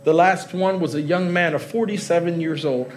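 A middle-aged male pastor preaching a live sermon in a large church hall, with a fairly high voice. He talks to the congregation in a loose, joking way and laughs along with them. Faint music plays beneath his words. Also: normal speed.

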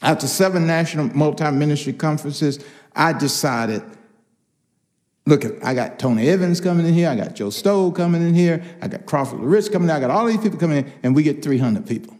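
Older guy preaching, high voice, animated storytelling, acts out what people said. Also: brisk. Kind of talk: testimony sermon.

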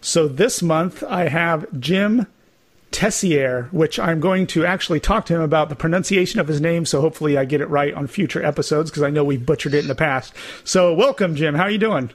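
A man co-hosting a casual podcast, chatty and quick to laugh, often restarting his sentences. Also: on the high side. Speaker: podcast co-host. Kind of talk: casual chat and interviewing.

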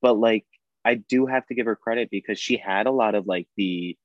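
A man from the United States co-hosts a casual chat, agreeable and quick to laugh. His voice sits fairly low. The recording is dry and a little dull, with a muffled, lo-fi quality. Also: no echo. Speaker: podcast co-host.

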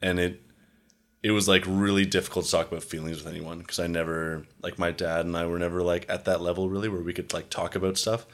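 A man's voice: low voice, little pitch movement, fast, fairly bright tone. A young man talking casually and at length about feelings, rambling and filling his talk with "like". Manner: rambling, heavy use of "like", acts out quoted exchanges. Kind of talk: casual chat.

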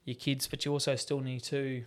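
A man, co-hosting a casual podcast chat and telling stories in a jokey, animated way. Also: medium pitch, normal speed. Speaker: podcast co-host.

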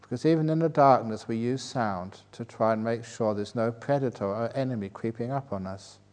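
An older Buddhist monk gives a dharma talk at a retreat, with a medium-pitched voice at a moderate pace. He tells anecdotes, chuckles at his own jokes and builds into animated rhetorical questions.

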